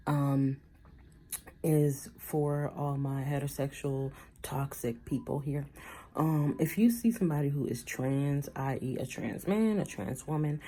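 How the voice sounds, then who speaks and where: Blunt low-voiced woman ranting. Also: mellow. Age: 30s. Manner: blunt and outspoken, swears freely; mocks others with trailing "da, da, da". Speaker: vlogger. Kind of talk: casual opinion rant to camera.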